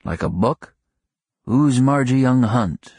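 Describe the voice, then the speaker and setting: A man narrating plays a wisecracking middle-aged husband who grumbles in mock gruffness. His voice is mid-pitched and a touch husky, recorded dry and close. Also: animated, slow pace, darkish tone, dry recording. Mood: wry. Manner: sardonic, mock-gruff banter. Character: wry joking middle-aged shop clerk husband. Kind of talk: audiobook character reading.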